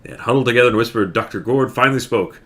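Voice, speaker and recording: A man reading a children's picture book aloud on a stream, animated, with joking asides. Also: mid-range voice, very fast.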